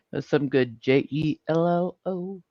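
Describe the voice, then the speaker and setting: This is a podcast co-host speaking slowly and laughing often in easy conversation. The sound is dry and a little dull, as if the high end has been cut off. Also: mellow, dry recording. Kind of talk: casual chat.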